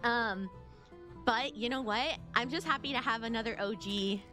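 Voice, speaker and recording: A young adult woman streaming a video game, chatting excitedly to her viewers, often repeating herself and singing silly snippets. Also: fairly high pitch, moderate pace, faint music behind. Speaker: VTuber streamer. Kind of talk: casual gaming stream chat.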